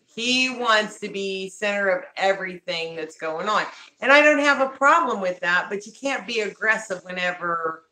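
A woman's voice: medium pitch, animated, moderate pace, pushed and bright, echoey room. A woman chatting casually on a livestream, greeting viewers by name and talking to her pets at home.

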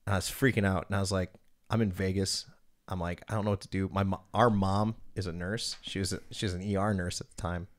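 A man's voice: low voice, steady tone, fast. A man hosting a podcast, telling rambling, profane stories in casual chat and acting out the people in them. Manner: profane storyteller, acts out quotes, laughs often. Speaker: podcast host.

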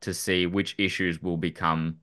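A man co-hosts a casual political podcast, talking in a loose, rambling way with frequent restarts. His voice sits very low, with a bright and forceful edge. He often breaks into a chuckle as he talks. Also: flat delivery, measured pace. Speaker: podcast co-host. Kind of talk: casual chat.

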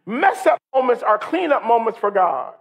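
A male pastor preaching a sermon in a church service, animated and building to shouts, asking the congregation questions. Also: very high-pitched, normal speed. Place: church sanctuary during a worship service.

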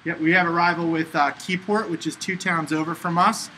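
Woman teacher, low pitch, bright tone, encouraging, prompting kids, faint background noise. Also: steady tone, a little fast, poor audio. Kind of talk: moderating a class video call.

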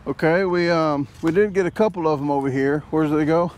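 A man's voice: on the high side, a little fast, darkish tone, soft background music. A man hosting a casual outdoor vlog, rambling and joking with lots of fillers, recorded on an action camera in the woods. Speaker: vlogger.

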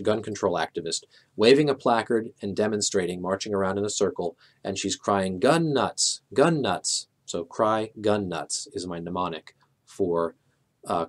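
Calm, methodical middle-aged man, low voice. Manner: calm, methodical, a few filler "uh"s. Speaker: teacher of a memory technique. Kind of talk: explaining with walk-through examples.

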